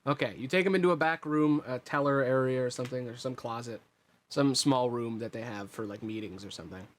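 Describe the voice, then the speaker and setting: A man narrating as game master of a tabletop role-playing game, describing scenes in a relaxed, meandering way with fillers. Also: mid-range voice, brisk.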